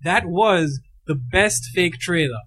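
A man's voice: a little high, animated, slow, a bit bright. Playful male podcast co-host. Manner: playful, teasing, lots of ums. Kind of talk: casual film chat.

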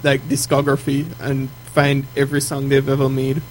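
A man's voice: medium pitch, monotone, normal speed, slight background noise, low-quality recording. A man co-hosting a podcast in casual chat, hesitant, restarting and repeating words often. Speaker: podcast co-host.

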